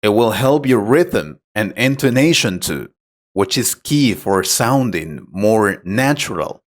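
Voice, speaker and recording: A man plays an English teacher in a scripted lesson, giving clear, patient pronunciation advice. He speaks on the low side, slowly and with animation.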